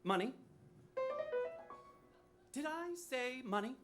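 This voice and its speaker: A man's voice: very high-pitched, expressive, takes it slowly, over music. A man in his late thirties doing wry, self-deprecating cabaret patter and show tunes on a live stage. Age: 30s. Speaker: cabaret performer. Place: music venue stage.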